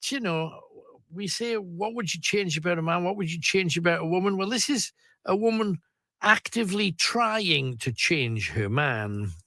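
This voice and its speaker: Lively high-voiced radio host. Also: male voice, normal speed, dry recording. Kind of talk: phone-in talk show hosting.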